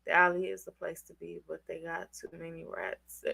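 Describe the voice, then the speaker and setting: A woman hosting a casual livestream, talking straight to her viewers in an animated, chatty way, congested from a cold, with country-sounding speech. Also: on the low side, normal speed, gravelly, breathy edge. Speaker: livestream host.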